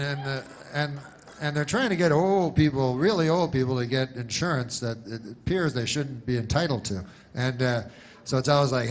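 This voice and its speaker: A man doing stand-up comedy, deadpan and rambling, with many asides and restarts. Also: medium pitch.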